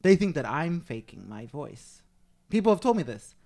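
A man's voice: a little high, sing-song, normal speed, gravelly, mellow. A man hosting a casual podcast chat, sassy and gossipy, swearing freely. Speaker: podcast host.

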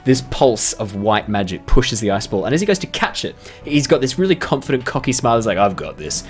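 A man's voice: medium pitch, quick pace, soft background music. A man narrating as dungeon master, chatty and laughing often. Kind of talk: narrating a tabletop game.

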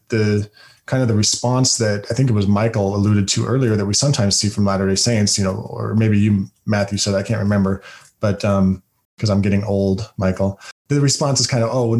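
A man's voice: lowish voice, a little mellow. A man hosting a podcast, speaking emphatically with frequent restarts in a casual theological discussion. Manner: emphatic, many fillers and restarts. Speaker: podcast host.

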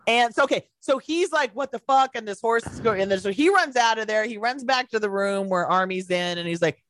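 Her voice is on the high side, animated and fairly bright, moving briskly with few pauses in a dry recording. As a podcast co-host, this young woman recaps a movie in a loose, rambling way, cursing frequently and laughing a lot.

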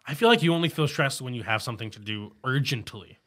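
A young man co-hosting a casual podcast chat among friends, laughing often and stumbling over his words when excited. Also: medium pitch, fast. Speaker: podcast co-host.

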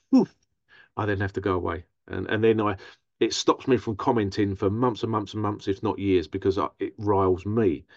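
Animated man with a dry, dull sound. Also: fairly low pitch, brisk, gravelly, no room sound. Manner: animated, mimics others in raised voice. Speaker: therapist and podcast host. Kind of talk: casual monologue.

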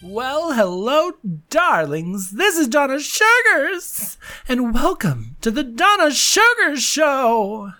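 A glamorous drag diva hostess, as a man puts her on, gushing in a high, sing-song old-lady voice. She stretches her greetings out with grand theatrical flair. Faint music sits under her podcast welcome. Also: very animated, slow, sharp tone, exaggerated voice. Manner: gushing and exaggerated. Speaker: podcast host.

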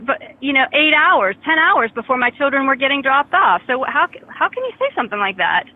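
A woman's voice: high voice, sing-song, fairly quick. An indignant woman on a phone call, defensive and stumbling over her words as she complains. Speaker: prank call target. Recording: tinny phone line.

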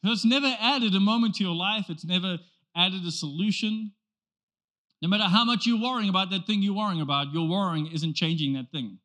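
A man's voice: high-pitched, brisk, sharp tone. A male pastor preaching a sermon in an emphatic, rhetorical way, often repeating phrases for effect.

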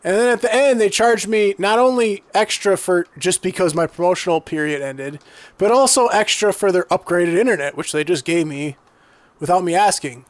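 A man's voice: high voice, moderate pace, no room sound. A man co-hosting a casual podcast, ranting heatedly and swearing often. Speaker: podcast co-host.

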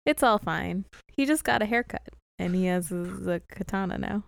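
A woman from the Chicago area chats as a podcast co-host, wry and quick to laugh. Her voice has a gravelly fry and sits in a middle range. The sound is dry and close. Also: medium pitch, no room sound. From Chicago area, USA. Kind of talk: casual chat.

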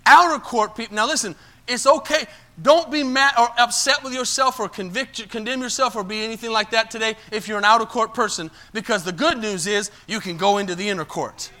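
A male pastor preaching a sermon, calling out asides to the congregation and swinging between loud emphatic bursts and low quiet lines. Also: a little fast, hardly any pauses.

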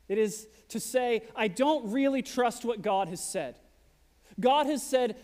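A man's voice: very high-pitched, a little slow, darkish tone, long reverb tail. A man preaching a sermon as pastor, earnest and direct, mixing in humorous asides.

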